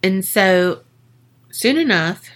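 Woman podcaster telling a spooky story, swears a lot, says like constantly, bright voice, takes her time. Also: mid-range voice, expressive, slow pace. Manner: profane, joking, lots of "like". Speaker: podcast host. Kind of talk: casual storytelling chat.

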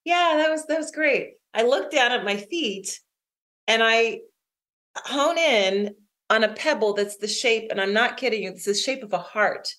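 Her voice sits fairly high as this middle-aged author tells a personal story during an interview. The conversation is lively, and she laughs easily.

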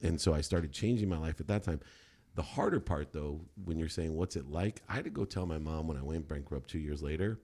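A man's voice: rumbling low, brisk. A middle-aged man, a podcast guest, telling a candid personal story in an emphatic way. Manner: emphatic, animated when quoting himself.

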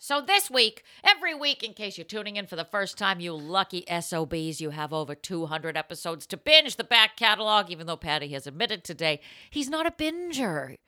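A woman's voice: on the low side, a little fast, few pauses, no room sound, clean studio sound. A woman co-hosting a comedy podcast, joking and doing playful announcer-style plugs. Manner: animated, playful, showy announcer bursts. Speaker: podcast co-host. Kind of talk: comedy podcast chat and ad reads.

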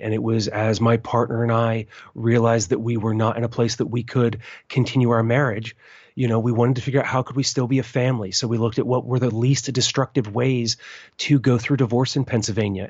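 A man in his forties speaks in a husky, slightly breathy voice, reflective and earnest as he works through long sentences. The recording is dull and dry, with little treble or room sound. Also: medium pitch, steady tone, brisk, a little mellow, no room sound. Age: 40s. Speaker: interview guest. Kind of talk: casual interview chat.

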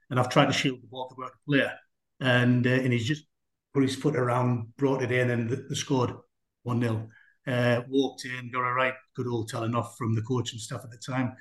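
A man, a former footballer telling rambling anecdotes in an interview. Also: mid-range voice. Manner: chatty, rambling, with many fillers. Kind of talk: anecdotal storytelling in a conversation. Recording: roomy echo.

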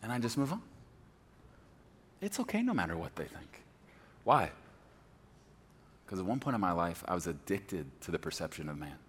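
A man preaching a sermon as a pastor, swinging from loud shouts to quiet, close talk. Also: sits low, sing-song, moderate pace, pauses often, husky. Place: church sanctuary.

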